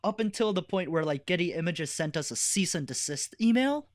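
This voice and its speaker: A man's voice: high voice, animated, a little fast, no room sound, studio quality. A young man guesting on a podcast, chatting casually in a laid-back way, saying "like" a lot. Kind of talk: casual chat.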